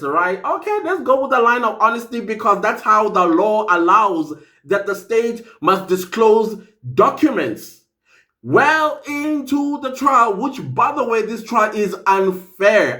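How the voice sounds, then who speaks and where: A man with a South African accent delivers casual, opinionated commentary, emphatic and openly incredulous. His voice sits high and swings widely in pitch. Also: animated, moderate pace, pushed and bright.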